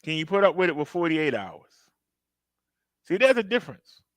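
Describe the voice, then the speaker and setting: A man's voice: fairly high pitch, sing-song, moderate pace, dry recording. A man hosting a reaction video, talking casually and emphatically to his viewers and acting out outbursts as he tells a story. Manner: conversational, addresses viewers directly. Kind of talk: casual commentary.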